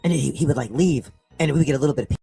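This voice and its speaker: A man's voice: mid-range voice, very fast, vocal fry, mellow, husky, faint music behind. A man in his fifties telling a painful story on a livestream, rambling and near tears, repeating "man" between broken phrases. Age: 50s. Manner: rambling, repeats "man", breaks into tearful outbursts. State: close to crying. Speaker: streamer on a clipped livestream. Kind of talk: emotional confessional monologue.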